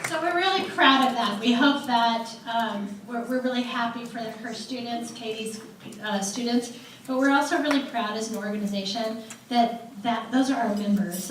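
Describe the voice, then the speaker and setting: A woman leading an association, giving a casual and enthusiastic talk at a convention. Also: fairly high pitch. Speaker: association leader presenting at a convention. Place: large convention hall. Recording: echoey hall from far off, faint noise.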